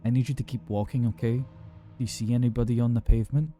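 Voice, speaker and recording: A calm emergency operator, voiced by a male narrator, gives steady, patient instructions over the line. The voice is dark and mellow at a middling pitch, with faint music under this horror storybook reading. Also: fast talker, close to an everyday voice.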